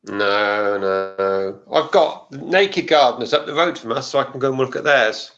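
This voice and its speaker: A man's voice: mid-range voice, lively intonation, unhurried, fairly bright tone, muffled recording. A man who is a gardening regular on a chat show, talking in a dry, matter-of-fact way. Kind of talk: casual chat.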